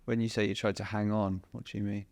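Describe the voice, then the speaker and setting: Male interview host with a low voice, gentle and prompting. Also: level tone, quick pace, dry recording. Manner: gentle, prompting, brief affirmations. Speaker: podcast host. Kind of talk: interview questions.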